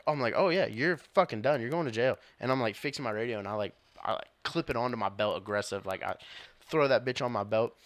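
Young male cop, podcast co-host. Animated storyteller, curses freely, dry close sound. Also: medium pitch, no room sound. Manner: animated, swearing, laughing while telling stories. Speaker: police officer, podcast co-host. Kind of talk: casual storytelling chat.

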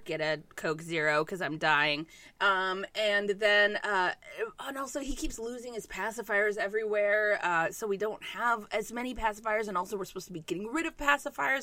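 A woman's voice: mid-range voice, sharp tone, no room sound. A woman telling a candid parenting story in casual chat, swearing freely.

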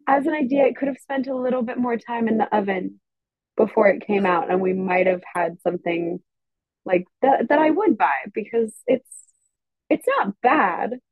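A woman guest on a podcast, chatting in an animated, slangy way and laughing often. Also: fairly high pitch, normal speed, no echo. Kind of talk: casual chat. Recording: dry, dull lo-fi mic.

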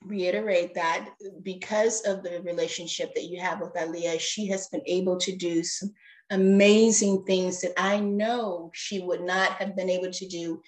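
A woman's voice: lowish voice, steady tone, normal speed, a little mellow, reverberant, low-quality recording. A mother speaking as a guest in a podcast interview, earnest and rambling, fighting back tears as she talks. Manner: earnest, rambling with many fillers. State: tearful. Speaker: guest parent. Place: living in Japan.

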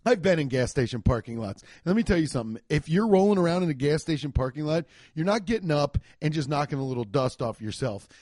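A man's voice: fairly high pitch, animated, fast talker, hardly any pauses, darkish tone, dry recording, studio quality. A young man giving a profane, exasperated comedic rant reviewing a movie.

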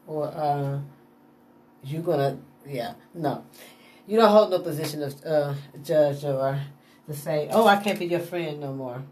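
A woman's voice: low-pitched, a little slow, a little hiss or hum. A woman talking in a rambling, digressive monologue, laughing often and swearing casually. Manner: digressive, laughing, profane, animated. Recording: voice from a distance.

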